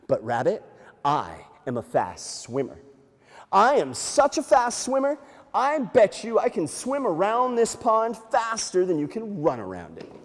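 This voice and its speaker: A man voicing a clever, calm male turtle with a sly, easygoing way of talking, in a storybook tale. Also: sits high, a little slow, full character voice. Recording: echoey hall.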